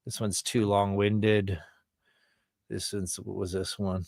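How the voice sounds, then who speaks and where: A man's voice: on the low side, little pitch movement, takes it slowly, vocal fry, darkish tone, no room sound, clean studio sound. Rambling man chatting on a stream. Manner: rambling, loose and profane. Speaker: livestream host. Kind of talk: casual chat.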